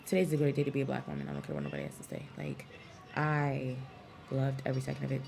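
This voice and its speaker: A woman's voice: rumbling low, quick pace, vocal fry, a little mellow. A woman talking through a wrestling event in a casual, frank review vlog, full of ums and likes and swearing freely.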